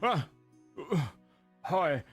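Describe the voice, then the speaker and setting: A man's voice: high voice, animated, extremely slow, husky, faint music behind, voice pushed up, full character voice. A man voicing a meek, shabby navigator who stammers timidly.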